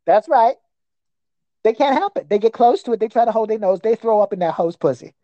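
A woman's voice: fairly high pitch, lively intonation, fairly quick, dark tone, no echo, muffled recording. A woman guest on a comedy podcast, delivering a crude, profane roast in a mocking voice and breaking into nonsense singsong chants.

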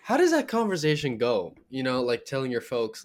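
A man's voice: mid-range voice, wildly swooping pitch, moderate pace. A young adult man co-hosting a podcast, teasing his partner and swearing casually in loose banter. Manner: teasing, joking, swears freely. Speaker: podcast co-host. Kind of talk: casual chat.

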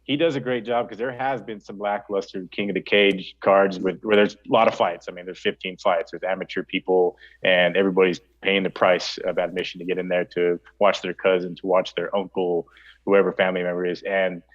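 A man with a very low voice, hosting a casual podcast. He rambles, restarts his sentences, and fills pauses. The audio is dull and lo-fi. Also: flat delivery. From New Mexico. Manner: rambling, with frequent fillers and restarts. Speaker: podcast host.

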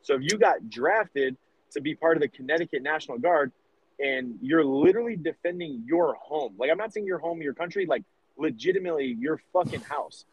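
A man's voice: on the high side, animated, fairly quick, husky, dull audio. A man in his thirties from the United States co-hosting a podcast, rambling and cursing as he argues his point. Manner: profane, rambling, emphatic. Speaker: podcast co-host. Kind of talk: casual podcast debate.

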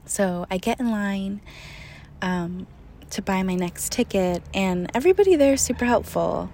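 A young woman telling a travel story in a casual, animated way, often laughing and acting out what people said. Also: mid-range voice, moderate pace, slight background noise. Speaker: storyteller recounting a trip.

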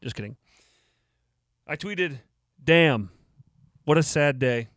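A man's voice: on the high side, lively intonation, slow pace, fairly bright tone, no room sound, clean studio sound. A man hosting his own podcast, joking and mock-indignant, laughing at his own jokes. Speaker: podcast host. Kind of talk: casual solo podcast talk.

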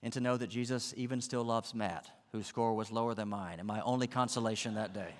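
Pastor, man; dramatic sermon delivery, low-pitched, recorded in a reverberant sanctuary. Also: fairly quick, a little hiss or hum. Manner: dramatic, acts out the voices of the story.

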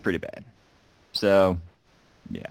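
A man's voice: low-pitched, sing-song, takes it slowly, creaky, no echo, poor audio. A man co-hosting a podcast, chatting casually and rambling with restarts and lots of fillers. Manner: rambling, restarts, frequent likes. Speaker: podcast co-host. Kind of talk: casual chat.

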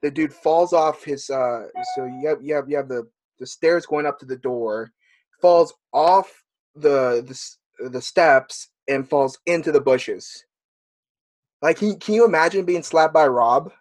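A man hosting a casual podcast chat, speaking in a relaxed way with sighs and frequent restarts. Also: on the high side, unhurried, dry recording. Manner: relaxed, lots of sighs and repeated words.

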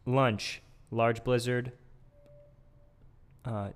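A man's voice: medium pitch, level tone, drawn-out words, clean tone. A young man co-hosting a podcast, laughing and self-deprecating in casual chat from the back of a gym. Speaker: podcast co-host.

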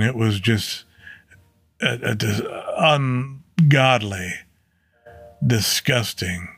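A man's voice: lowish voice, breathy edge, no echo, studio quality. A man teaching a Bible chapter in a casual, earnest way, stopping to correct himself and using fillers. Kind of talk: casual Bible study talk.

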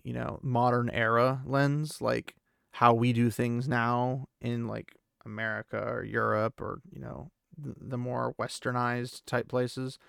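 Gravelly-voiced man, chatty recap host. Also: medium pitch, no echo, studio quality. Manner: chatty, full of fillers and asides. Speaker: podcast host. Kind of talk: casual chapter recap.

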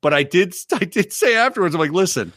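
A middle-aged man chatting on a podcast, cursing constantly as he spins stories. His voice sits a little high and sounds dry and close, with no room around it. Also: expressive, fairly quick, a bit bright, no room sound. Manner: profane, storytelling, mock voices. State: recovering from arm surgery. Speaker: podcast co-host. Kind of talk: casual chat.

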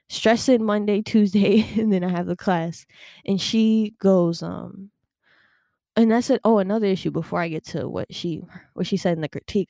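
A young woman hosting a podcast, telling a personal story in a chatty, animated way with lots of fillers and laughs. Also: medium pitch, no room sound, studio quality. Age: young adult. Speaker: podcast host.

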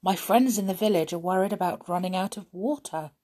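A woman's voice: fairly low pitch, brisk, mellow, close to an everyday voice. An earnest young jungle boy from a children's storybook, voiced by a woman. He speaks keenly and sincerely.

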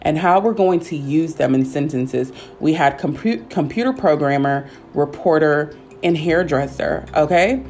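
Slow, patient woman teaching English. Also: deep voice, lively intonation, a little mellow, slight background noise. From United States. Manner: slow, patient, repeats words for learners. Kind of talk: podcast English lesson.

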